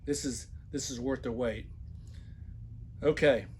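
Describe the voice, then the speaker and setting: A man's voice: medium pitch, steady tone, slow pace, slight background noise. A man talking in a casual commentary video, sarcastic and blunt, often restarting his words. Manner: sarcastic, reads a job post aloud in loud mocking emphasis. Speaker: commentary vlogger.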